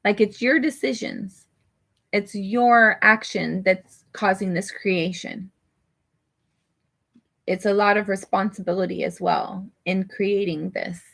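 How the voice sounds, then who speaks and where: Woman reading tarot cards, kinda gravelly, mid pitch, rambles w lots of "like". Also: fairly even intonation, takes it slowly, fairly bright tone. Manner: rambling, full of "like" and restarts. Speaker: tarot reader. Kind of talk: casual personal tarot reading. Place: her apartment.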